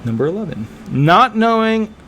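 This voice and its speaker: A man speaking as a disability attorney, giving casual, animated advice to viewers, emphatic and repetitive with frequent fillers. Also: high voice, normal speed, slight background noise. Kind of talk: casual advice talk to camera.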